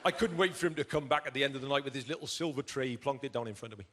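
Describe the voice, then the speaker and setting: A man's voice: mid-range voice, rapid-fire, fairly bright tone, big-room sound, a little hiss or hum. A male comedian and ventriloquist telling anecdotes in a chatty stand-up style on a large theatre stage, recorded live.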